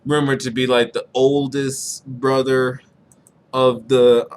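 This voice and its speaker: Young guy ranting on his podcast, swears constantly, voice shoots up when he gets hyped, mid-pitched. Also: slow pace, a little hiss or hum. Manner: rambling, profane, excitable, pitch jumps when worked up. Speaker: podcast host. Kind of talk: casual solo chat about anime.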